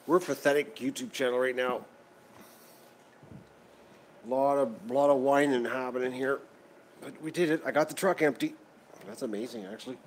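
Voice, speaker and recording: A man's voice: medium pitch, moderate pace, creaky, pauses often, slight background noise, low-quality recording. A man, chatting casually and rambling on a livestream about his day and his animals. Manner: rambling, self-deprecating, talks to his animals. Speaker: vlogger raising ducks.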